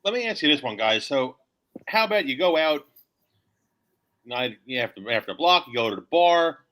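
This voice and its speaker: A man hosting over a video call, asking his guests questions in a lively, curious way. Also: medium pitch, normal speed. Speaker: host. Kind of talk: casual interview questions. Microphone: video call mic.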